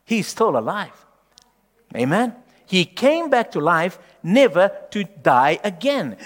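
A man preaches a sermon in a high voice, pressing his points with emphatic repetition. His voice rises to loud declarations and drops to hushed, low lines. A long reverb trails each phrase, as in a church. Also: big pitch swings, slow. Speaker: pastor.

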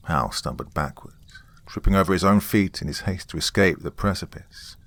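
A man's voice: low voice, lively intonation, moderate pace, a bit bright, dry recording. A man reading a horror novel aloud, with grave, dramatic scripted narration. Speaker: audiobook narrator.

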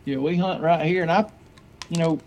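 A man's voice: a little high, steady tone, normal speed, a little mellow. A man who is a guest on a casual chat, talking in an easygoing, joking way.

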